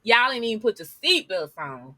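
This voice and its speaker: Woman vlogger, sassy and blunt, bright voice, dry close sound. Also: on the high side, sing-song, normal speed, no echo. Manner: sassy, blunt, talks straight to viewers. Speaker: news commentary vlogger. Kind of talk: casual commentary reading news articles aloud.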